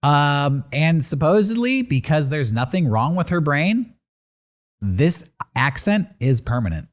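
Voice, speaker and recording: A man's voice: fairly high pitch, a little slow. A man co-hosting a casual podcast, telling odd news stories with sarcastic asides. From San Diego area. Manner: animated storytelling with sarcastic asides. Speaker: podcast co-host.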